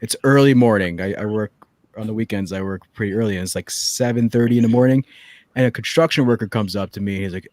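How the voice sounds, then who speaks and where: A man co-hosting a casual chat, telling lively stories and acting out the people in them. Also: mid-range voice, a little fast, no echo. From New Jersey. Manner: animated storyteller, acts out quotes, laughs a lot. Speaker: podcast co-host.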